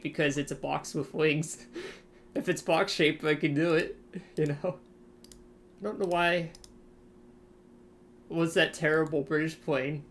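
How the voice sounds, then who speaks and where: An unhurried game streamer talks casually to chat at a desk microphone at home, trailing into ums and small chuckles. Faint hiss and the tapping of a keyboard sit quietly behind the voice. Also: mid-range voice. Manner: chuckles often, answers chat; rambling with many fillers.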